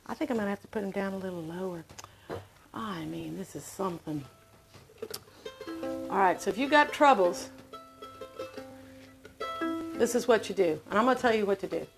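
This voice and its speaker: A woman host with a Southern US accent, chatting in a folksy, rambling way from her home. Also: mid-range voice. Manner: folksy, chatty, wandering from topic to topic. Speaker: show host. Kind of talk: casual rambling monologue. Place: home during lockdown.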